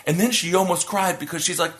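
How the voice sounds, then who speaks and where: A man from the United States co-hosting a podcast, telling stories in an animated, self-deprecating way. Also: high voice, quick pace, roomy sound. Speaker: podcast co-host. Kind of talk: casual banter. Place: hotel room.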